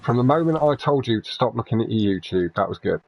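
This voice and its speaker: Gravelly guy doing race commentary, brisk play by play, kinda muffled lo-fi mic. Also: animated. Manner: brisk play-by-play with friendly teasing. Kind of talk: live esports race commentary. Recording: dull low-fidelity mic.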